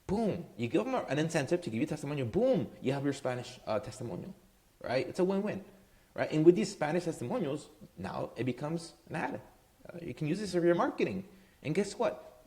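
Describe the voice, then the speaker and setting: A man's voice: on the high side, sing-song, a little fast, darkish tone. A man running a marketing business, giving casual advice straight to camera in a loose, conversational way, tagging his points with "right?" and plenty of "um"s. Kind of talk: casual talking-head advice.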